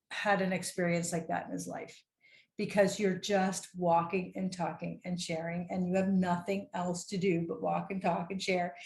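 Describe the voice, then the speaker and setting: A woman in casual conversation, speaking enthusiastically and stopping now and then to search for a word. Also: mid-range voice. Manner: enthusiastic, searching for words mid-sentence. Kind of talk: casual chat. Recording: echoey room.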